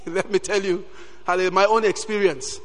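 A man preaching a sermon, animated and breaking in often with "Hallelujah" and "Praise God.". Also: high-pitched, normal speed. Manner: animated, peppers talk with "Hallelujah". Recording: long hall reverb.

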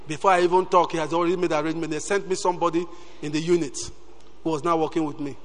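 A man preaching a sermon, animated and breaking in often with "Hallelujah" and "Praise God.". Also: on the high side, quick pace, a little hiss or hum. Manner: animated, peppers talk with "Hallelujah". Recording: long hall reverb.

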